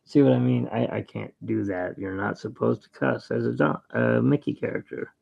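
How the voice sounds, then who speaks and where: Brief: man, very gravelly voice, slow rambling jokey chat, muffled lo-fi sound. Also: medium pitch. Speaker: artist and channel host. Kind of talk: casual chat while drawing.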